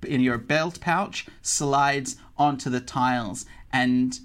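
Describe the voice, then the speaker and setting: A man running a tabletop game, narrating the scene in a measured, descriptive way. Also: mid-range voice, a bit bright. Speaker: game master.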